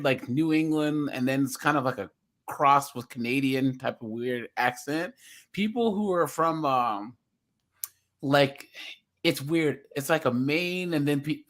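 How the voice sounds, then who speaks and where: A man's voice: medium pitch, fairly bright tone. A man with a Californian accent hosting a casual podcast chat, rambling with fillers and chuckles. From US West Coast. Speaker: podcast host.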